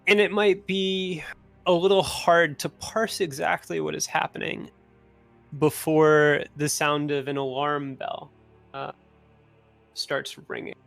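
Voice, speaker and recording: A man with a gravelly, slightly high voice narrates a tabletop game as its game master. He talks in an easygoing, unhurried way, often pausing on fillers. Soft music plays underneath. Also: little pitch movement.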